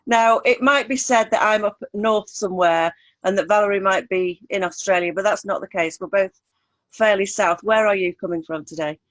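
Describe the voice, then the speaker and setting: A woman's voice: medium pitch, moderate pace. A woman with a light northern English accent, hosting a casual interview chat with friendly, upbeat questions over a video call. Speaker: host.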